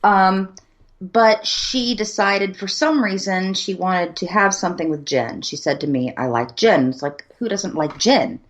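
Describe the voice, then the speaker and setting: A woman's voice: mid-range voice, a little slow. A Southern American woman co-hosting a podcast, a little tipsy, telling a rambling story with laughs and the odd swear. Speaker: podcast co-host. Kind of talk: casual chat.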